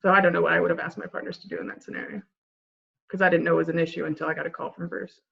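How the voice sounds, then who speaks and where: A woman's voice: on the low side, little pitch movement, racing, gravelly, breathy edge, lo-fi sound. A woman in a casual group discussion who answers hesitantly, thinking aloud with fillers.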